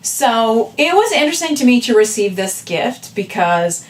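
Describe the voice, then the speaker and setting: A woman's voice: fairly high pitch, big pitch swings, moderate pace, distant mic, slight background noise. A woman vlogger and artist talking casually to camera, rambling with lots of fillers and asides. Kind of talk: casual chatty vlog. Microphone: camera with a separate audio backup.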